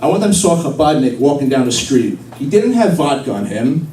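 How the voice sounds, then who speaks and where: A man's voice: mid-range voice, sing-song, a little fast, mellow. A young man performing a rambling stand-up comedy set, with self-deprecating punchlines, at a live event with an audience. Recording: echoey hall recorded from far off with crowd noise.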